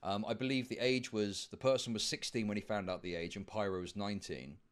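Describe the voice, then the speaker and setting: A man in a played debate clip, making his case in a measured, hesitant way with restarts. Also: fairly low pitch, clean tone. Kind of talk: debate discussion.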